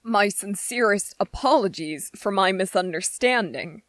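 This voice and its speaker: A woman's voice: medium pitch, lively intonation, unhurried, fairly bright tone, dry recording. A woman voicing an irritable young male soldier trainee in a whispered role-play, speaking with biting sarcasm and strained patience. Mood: sarcastic.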